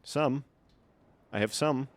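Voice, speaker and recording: A man's voice: mid-range voice, slow. A man casually commenting on his gameplay during a live stream, wry and swearing when startled.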